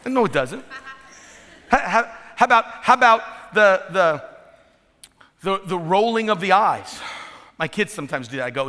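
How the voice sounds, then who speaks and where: Animated pastor preaching in a reverberant hall. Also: male voice, sits high, moderate pace, pauses often. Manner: animated preaching with acted-out quotes and laughter. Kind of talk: sermon. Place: large church auditorium.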